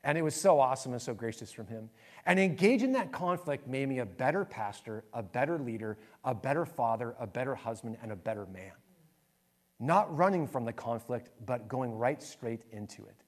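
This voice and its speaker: A man's voice: mid-range voice, expressive, moderate pace. A man in his forties, a pastor, giving a sermon and telling a personal story in an earnest, candid, self-deprecating way. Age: 40s.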